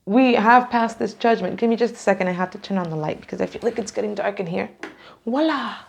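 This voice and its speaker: A woman's voice: mid-range voice, fast, creaky, darkish tone, slight background noise. A woman doing a casual, emotional tarot reading to camera, rambling and laughing often, near tears. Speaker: tarot reader.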